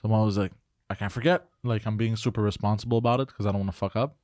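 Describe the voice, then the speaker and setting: A man's voice: fairly low pitch, flat delivery, racing, darkish tone, no echo, clean studio sound. A young adult man in casual podcast chat, earnest and a bit self-conscious. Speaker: podcast sidekick.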